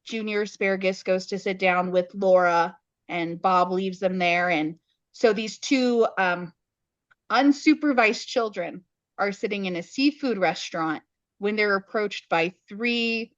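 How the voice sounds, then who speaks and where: A woman's voice: medium pitch, measured pace, dry recording. A woman co-hosts a podcast in easy, casual conversation, walking through a story step by step with dry, wry asides. Her voice sits in a mid range and sounds close and dry. The recording is a bit muffled and lo-fi. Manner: wry, detailed plot recapping. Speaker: podcast co-host. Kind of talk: casual chat. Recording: dull lo-fi podcast audio.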